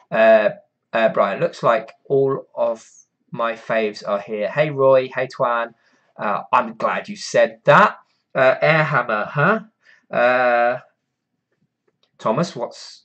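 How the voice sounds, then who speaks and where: A man's voice: medium pitch, a bit bright. Chatty man on a live stream. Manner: rambling, chatty, reads out viewer names and answers questions. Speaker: blacksmith streamer answering live chat. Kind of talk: casual live-stream chat.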